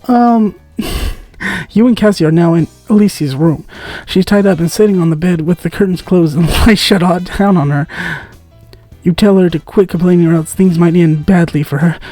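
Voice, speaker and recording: A man's voice: sits high, steady tone, moderate pace, warm tone, faint music behind. A man giving let's-play commentary, reading game text aloud and making joking asides with frequent giggles. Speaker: gaming content creator.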